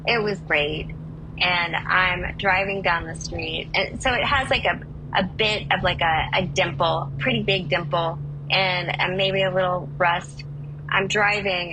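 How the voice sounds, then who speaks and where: A woman telling a comic story on a podcast, animated and swearing as she acts out the dialogue. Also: fairly low pitch, background noise. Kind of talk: comedic storytelling.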